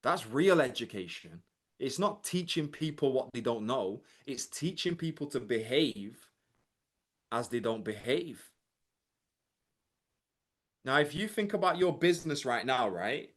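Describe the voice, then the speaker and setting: A man's voice: mid-range voice, lively intonation, measured pace. A man giving a motivational coaching talk to a live chat, emphatic and often asking the audience "right?". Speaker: mindset and business coach.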